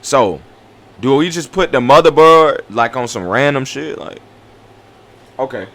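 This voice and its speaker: A man in his twenties chatting on a livestream at home, loud and profane, trash-talking his chat. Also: medium pitch, animated, measured pace. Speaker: streamer.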